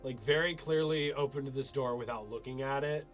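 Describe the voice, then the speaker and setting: A man's voice: mid-range voice, moderate pace, faint music behind. A man narrating as game master of a tabletop game, rambling and full of fillers.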